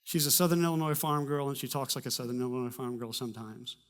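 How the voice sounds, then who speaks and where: A pastor preaching a sermon, telling a personal story in a conversational way with humor and animated bursts. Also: male voice, medium pitch, fast. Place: church.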